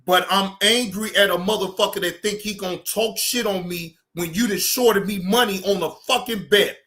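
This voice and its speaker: A man's voice: high voice, moderate pace. Heated, profane man ranting on stream. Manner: heated, repetitive, keeps telling himself to calm down. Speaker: livestream reaction host. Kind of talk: profane livestream rant.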